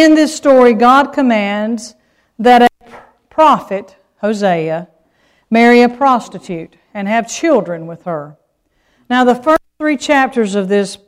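A woman preaching a sermon, expressive and full of rhetorical questions, slowing down to stress key words. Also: fairly high pitch. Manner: expressive, with rhetorical questions and slow emphatic phrases.

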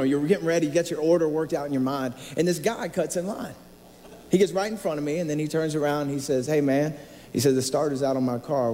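A man's voice: fairly high pitch, warm tone. A male pastor telling a self-mocking story in a sermon, acting out the people he quotes. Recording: reverberant hall, faint ambience.

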